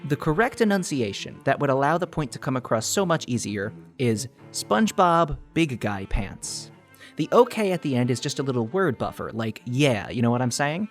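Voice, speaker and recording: A man's voice: mid-range voice, sing-song, brisk, few pauses, faint music behind. A man hosting a mock-serious theory video, analyzing with earnest, over-the-top seriousness while barely holding back laughter. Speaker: YouTube theory video host.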